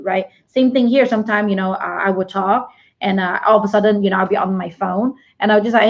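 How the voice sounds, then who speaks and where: A woman co-hosting a relationship talk, speaking hesitantly with many fillers and pauses. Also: fairly high pitch, fairly bright tone. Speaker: relationship podcast co-host. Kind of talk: casual advice talk. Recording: dull lo-fi sound.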